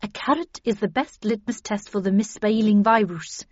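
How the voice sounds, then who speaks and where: A woman reading an audiobook, voicing a seasoned woman field agent who speaks briskly, urgently and with authority. The recording is dry and slightly dull. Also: medium pitch, dry recording, close to an everyday voice. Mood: firm.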